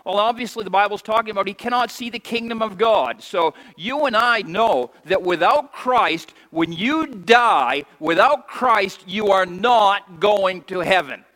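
A pastor delivers an emphatic sermon, his voice high and bright. He reads scripture in old-fashioned wording and calls on the congregation to repeat after him. His words ring out with a long reverb in a church hall. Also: expressive, a little slow, hardly any pauses. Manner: emphatic preaching, has congregation repeat lines.

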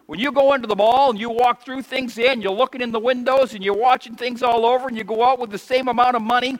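A man's voice: very high voice, steady tone, fast talker. A man preaching a sermon as pastor, reading scripture aloud and having the congregation repeat lines after him with emphatic delivery. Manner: reads scripture aloud in archaic wording. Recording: long hall reverb.

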